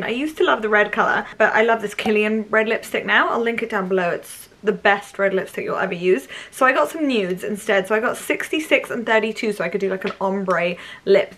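A woman's voice: fairly high pitch, fairly bright tone, slight background noise, poor audio. A woman chatting through a shopping haul, gushing and full of "like" fillers. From United Kingdom. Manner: chatty and gushing, heavy use of "like". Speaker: beauty vlogger. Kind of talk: casual haul chat.

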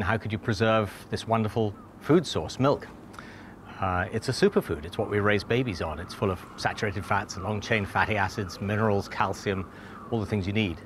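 A cheesemaker explains his work in a plain, matter-of-fact way. His voice sits on the low side. Clear background noise surrounds him at the dairy. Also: a bit bright. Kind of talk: interview answers.

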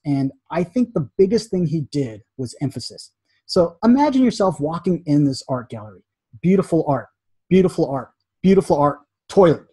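A man teaching a casual graphic design lesson, chatty and animated, acting out little quotes as he explains. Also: on the high side, slightly rough, no room sound.

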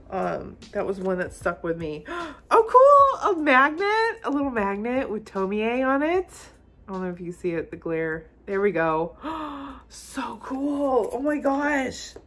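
A young woman gushing and gasping as she unboxes a gift for her vlog. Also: medium pitch. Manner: gushing, excitable, frequent gasps and "oh my gosh". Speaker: manga vlogger. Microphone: phone camera.

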